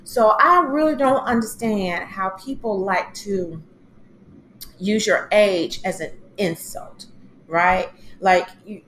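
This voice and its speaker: A woman's voice: mid-range voice, slow, slight background noise. Chatty woman recapping TV, roomy sound. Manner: chatty, animated retellings with quoted voices. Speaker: TV recap host. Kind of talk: casual solo recap.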